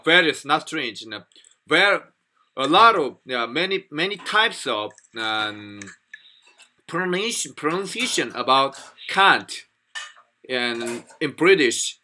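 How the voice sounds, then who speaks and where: Slow, halting, very bright-voiced man teacher. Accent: Korean. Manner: halting, many fillers and restarts, lively pitch jumps. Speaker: English pronunciation teacher. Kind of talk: casual spoken lesson.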